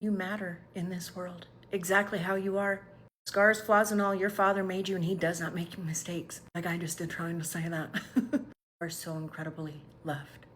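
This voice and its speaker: A woman sharing a casual faith talk straight to her viewers, affectionate and folksy, sometimes dropping to a soft whisper. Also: lowish voice, little pitch movement, normal speed, a little hiss or hum. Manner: uses casual slang. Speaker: faith vlogger.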